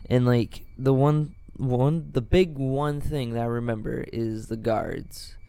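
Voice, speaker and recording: A young man, co-hosting a casual podcast and speaking haltingly with many fillers. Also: mid-range voice, creaky, mellow, clear, resonant tone, no echo. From Illinois, USA. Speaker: podcast co-host.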